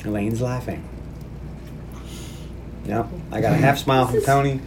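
A man hosts a relaxed movie podcast with friends. His voice sits in a middle register, and he slips into the characters' lines as he recaps the plot. A faint hum of background noise runs under him. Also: mid-range voice, measured pace. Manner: retells plot scenes, acting out the characters' lines. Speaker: podcast host. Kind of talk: casual movie podcast chat.

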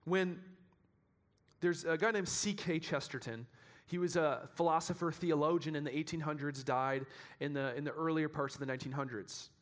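Man, pastor, high-pitched, animated sermon, builds to shouting, restarts sentences, church. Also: moderate pace.

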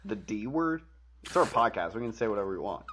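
A man's voice: fairly low pitch, big pitch swings, a little fast, a crowd in the background. A man co-hosting a podcast, chatting casually about sports with dry, sarcastic quips. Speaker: podcast co-host.

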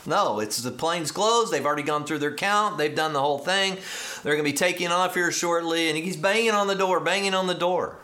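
Male pastor, slightly high, bright voice; animated sermon storytelling. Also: a little fast. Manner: animated, acts out quoted dialogue, rising to excited emphasis.

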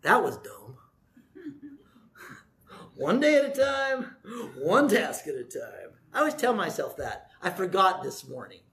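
Lively, joking male preacher. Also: sits high, measured pace, creaky, long pauses. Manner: lively, conversational, joking asides; acts out scripture quotes with big swings in loudness. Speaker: pastor. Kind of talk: sermon.

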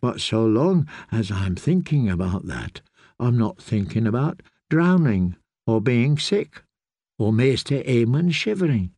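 A man's voice: medium pitch, sing-song, measured pace, warm tone, no room sound. A man voicing a frightened, anxious young man who pleads and frets. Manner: nervous, pleading.

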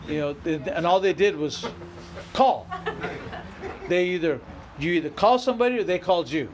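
Man, middle-aged pastor, high voice, emphatic sermon delivery, faint hiss behind. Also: animated, normal speed. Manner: emphatic preaching with repeated phrases and rising outbursts.

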